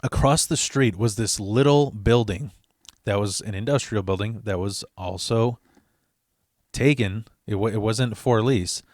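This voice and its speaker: A man's voice: on the low side, a little slow, dry recording, studio quality. A young man casually telling a personal story, swearing freely and acting out what others said. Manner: animated, profane, acts out quoted voices.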